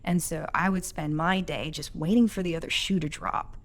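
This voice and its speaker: Woman guest on a work podcast, slightly low voice, earnest and thoughtful, just chatting. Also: fairly even intonation, normal speed. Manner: earnest, reflective, quotes others in acted tones. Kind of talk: casual podcast conversation.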